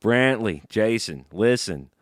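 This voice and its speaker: A man's voice: lowish voice, animated, takes it slowly, no room sound, studio quality. A man playing a pushy, rambling man leaving phone messages for a friend. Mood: pleading. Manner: rambling and insistent.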